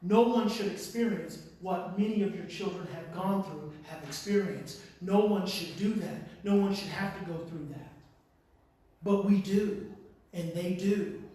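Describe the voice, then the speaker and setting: A man giving an impassioned talk to parents. He speaks emphatically, repeats his phrases and swings from quiet to loud. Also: high-pitched, unhurried. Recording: very echoey room, far from the mic.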